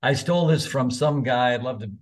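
A man's voice: medium pitch, brisk. A man in his seventies, a college soccer coach, telling stories in a casual, candid way with the odd mild curse. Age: 70s. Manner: chatty, candid, mildly profane. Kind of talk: casual anecdotal storytelling.

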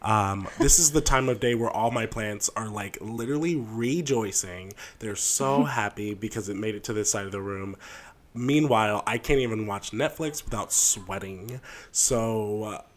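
A man's voice: lowish voice, normal speed. A man with a nasal voice co-hosting a podcast in casual chat from a sunny room at home, playful and laughing often. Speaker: podcast co-host.

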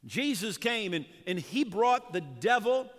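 A man preaching a sermon as pastor, fervent, with dramatic pauses and emphatic builds. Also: high-pitched, big pitch swings, in a large hall.

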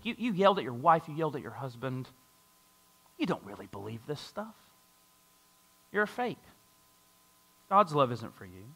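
A man preaching a sermon to a congregation, reading scripture and acting out a doubter's voice. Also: sits high. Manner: lively preaching with a mocking skeptic voice and scripture reading. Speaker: pastor.

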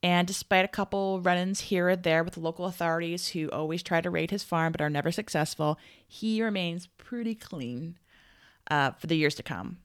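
Chatty woman podcast host, lowish voice. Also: moderate pace, clean tone. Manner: chatty, heavy use of "like". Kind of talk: casual true-crime storytelling chat.

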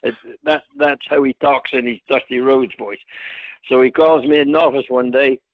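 A man's voice: medium pitch, steady tone, moderate pace, no room sound, narrow, tinny audio. An older man from Scotland, a retired wrestler, telling rambling folksy stories in a casual interview. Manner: folksy, rambling storyteller who does voices in his anecdotes. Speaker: retired pro wrestler guest.

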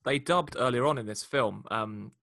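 A man's voice: mid-range voice, normal speed, vocal fry, fairly bright tone. A man co-hosting a casual podcast, sharing film trivia in an amused, chatty way. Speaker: podcast co-host. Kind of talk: casual film recap chat.

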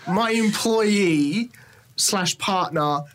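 Woman, tabletop game player, middle pitch, quick matter-of-fact replies. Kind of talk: casual tabletop game chat.

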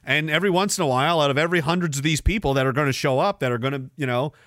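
A man's voice: a little high, racing, fairly bright tone, dry recording, clean studio sound. A man from Canada hosting a livestream, ranting in a crude, sarcastic, rambling way with lots of restarts. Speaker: livestream host. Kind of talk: casual ranting livestream monologue.

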